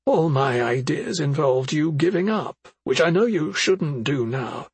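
A woman's voice: low voice, expressive, measured pace, breathy edge, no echo, pitched above the performer's own voice, full character voice. A man reading an audiobook, voicing a worried middle-aged mother who questions her son sharply and skeptically. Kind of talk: audiobook character voice.

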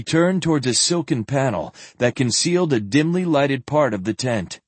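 A man reading a fantasy novel with a lively, expressive delivery, his pitch rising and falling freely. His voice is slightly husky. The close, dry studio sound adds no room. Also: normal speed, hardly any pauses, dry recording. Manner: expressive, acts out the dialogue. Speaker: audiobook narrator. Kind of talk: scripted narration.

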